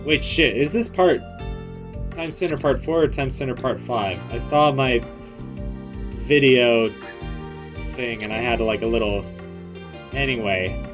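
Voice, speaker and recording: A man giving casual, rambling commentary as he plays a video game, with a middle-pitched voice. He keeps undercutting himself with self-mocking jokes. Loud game music plays behind him throughout. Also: unhurried, pauses often. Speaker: let's play host.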